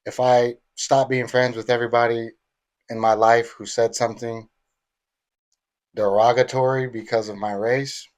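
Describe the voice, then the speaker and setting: A man's voice: medium pitch, little pitch movement, normal speed. A man from New York City hosting a podcast, talking bluntly and casually, often checking in with "right?". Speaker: podcast host.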